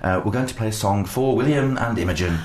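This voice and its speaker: A man's voice: lowish voice, fast, a crowd in the background. A man co-hosting a radio show, chatting casually and reading news aloud with joking asides. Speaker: radio co-host.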